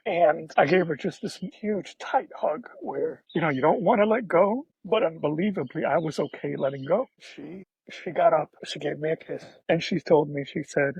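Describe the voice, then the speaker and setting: A man, a podcast guest, telling an emotional personal story in a soft-spoken, halting way, often restarting his sentences. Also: on the high side, gravelly, breathy edge, no echo, lo-fi sound.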